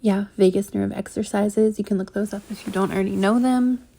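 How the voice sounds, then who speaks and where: A woman reading and commenting on a channeled spiritual transmission, speaking haltingly with many ums and likes and a slightly shaky voice. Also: mid-range voice, fairly even intonation, warm tone. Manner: halting, full of ums and likes, trips over words.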